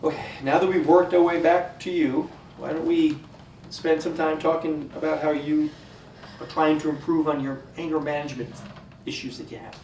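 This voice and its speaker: A man's voice: fairly high pitch, level tone, normal speed, darkish tone, a little hiss or hum, natural voice. A man playing a coaxing group therapist who praises small progress, in a stage comedy. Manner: soothing then overly enthusiastic. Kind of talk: community theater comedy. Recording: echoey stage from far off.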